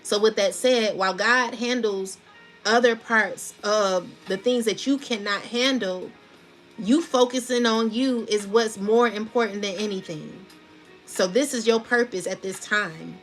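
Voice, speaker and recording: A woman's voice: mid-range voice, unhurried, soft background music. A woman giving a casual spiritual tarot reading, talking in a chatty, slangy, laughing way. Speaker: tarot reader.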